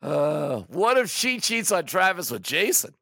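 A man's voice: high voice, big pitch swings, a little slow, vocal fry, pushed and bright, dry recording, clean studio sound. A man hosting a sports podcast, ranting in an exasperated, emphatic way with stammering restarts. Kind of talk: casual sports rant.

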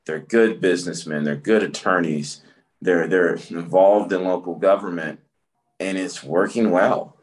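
A man with a very low, deep voice shares his story in a relaxed interview. He is from the Midwest and talks easily, with plenty of fillers and laughs. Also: unhurried. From Midwest, Michigan. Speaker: county commissioner, guest. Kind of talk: conversational interview.

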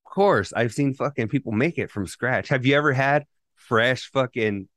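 A man's voice: mid-range voice, normal speed, fairly bright tone. A man co-hosting a casual podcast, telling loose stories packed with profanity and restarts. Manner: loose, profanity-heavy storytelling with rambling restarts. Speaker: podcast co-host. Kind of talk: casual chat.

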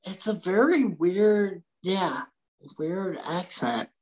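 A man's voice: high-pitched, expressive, takes it slowly, a little mellow, a little hiss or hum. A laid-back man in his thirties co-hosting a podcast in casual chat, mostly giving short agreeing replies. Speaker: podcast co-host.

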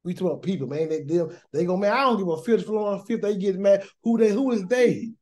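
A man's voice: high voice, quick pace, a little mellow. A man teaching a Torah study in an informal, preachy sermon style, talking in a colloquial way, often repeating words and firing off rhetorical questions. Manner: colloquial Southern-leaning speech with "y'all" and "gonna". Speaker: Bible teacher.

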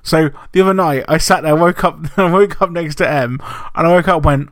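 A young man co-hosting a podcast, chatting casually with laughter, swearing and animated retellings. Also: on the high side, brisk, few pauses, dry recording, studio quality. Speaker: podcast co-host.

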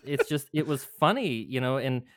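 A man's voice: medium pitch, big pitch swings, normal speed, fairly bright tone, no echo, studio quality. A man telling a rambling, profane story in a casual chat.

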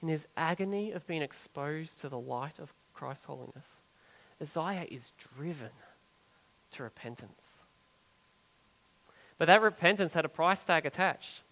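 High-voiced man preaching earnestly. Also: expressive, unhurried, gravelly, long pauses, big-room sound, slight background noise, poor audio. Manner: earnest preaching that swells for emphasis and drops soft and low on key phrases. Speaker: pastor. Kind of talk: sermon.

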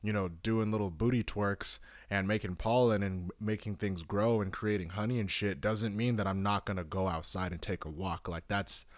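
A man's voice: lowish voice, fairly even intonation, normal speed, few pauses, no echo. A young man hosting a solo podcast, rambling casually with lots of swearing and restarts. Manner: rambling, profane, self-correcting. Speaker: podcast host.

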